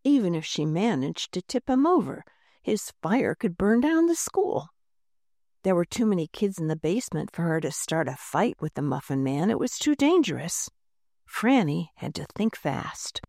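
A woman narrating a children's storybook aloud with an expressive delivery. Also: low-pitched, moderate pace, vocal fry, no room sound, clean studio sound.

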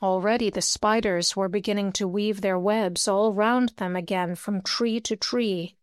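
Woman audiobook narrator, smooth clear voice, close and dry recording. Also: mid-range voice, a little slow, no room sound. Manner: steady storytelling, lifts her voice for dialogue. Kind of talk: audiobook reading.

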